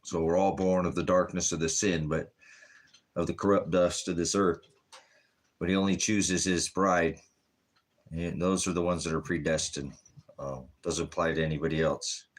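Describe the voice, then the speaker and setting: A man's voice: low voice, level tone, normal speed. A man preaching casually on a livestream from his living room, rambling and unscripted. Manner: casual, rambling, breaks off to coax pets. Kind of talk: livestreamed sermon. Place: home living room by a fireplace. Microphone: streaming device.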